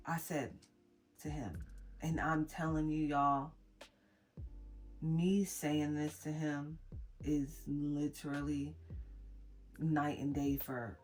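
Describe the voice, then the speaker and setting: A young woman vlogging to camera, telling an emotional personal story in a halting way with many restarts. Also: deep voice. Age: young adult. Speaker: mom vlogger.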